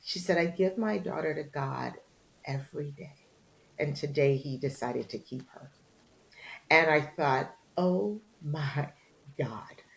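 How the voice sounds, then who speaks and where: A middle-aged woman, a journalist and author, tells a story in a candid interview, animatedly acting out the voices of the people in it. Her low voice has vocal fry and a measured pace with frequent pauses, on a rough recording.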